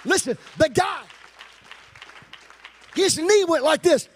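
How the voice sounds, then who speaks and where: A man preaching a sermon in a church, telling a healing story with animated, often shouted delivery. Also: extremely high pitch, some chatter behind. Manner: quick, hushed reading of scripture.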